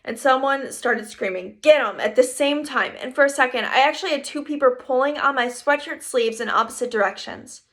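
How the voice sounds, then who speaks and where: A woman reading a first-person children's story aloud in a lively storytelling manner. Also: high voice, brisk, hardly any pauses. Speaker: reader. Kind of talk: audiobook narration.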